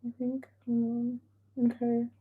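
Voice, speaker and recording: A woman's voice: fairly high pitch, completely flat delivery, slow, husky, phone-quality sound. A young woman chatting casually on a live stream as a tarot reader, bubbly and chatty and greeting viewers by name. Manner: chatty, bubbly, reads chat names aloud.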